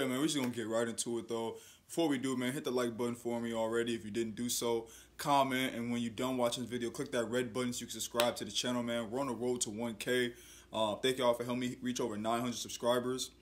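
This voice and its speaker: A man's voice: medium pitch, fairly even intonation, brisk. A man hosting a casual YouTube reaction video, laid-back and sprinkling his talk with slang.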